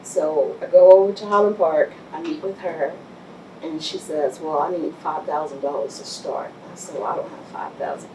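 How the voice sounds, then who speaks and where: Woman from texas, middle-aged, lowish voice, blunt storyteller, sounds far off in a roomy space. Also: moderate pace. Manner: blunt, animated storyteller acting out dialogue. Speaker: guest business owner. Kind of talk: conversational storytelling interview. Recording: roomy, distant mic with faint background hiss.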